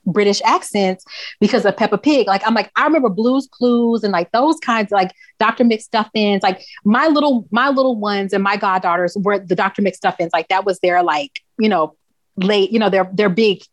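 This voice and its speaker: A woman's voice: mid-range voice, normal speed, dry recording. Blunt, profane woman podcast host. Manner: blunt, profane, self-mocking. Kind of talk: casual podcast chat.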